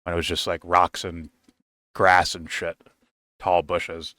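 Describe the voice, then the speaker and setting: A man's voice: sits low, level tone, slow, sharp tone, dry recording, clean studio sound. A man giving a casual, rambling film review, swearing freely and laughing often.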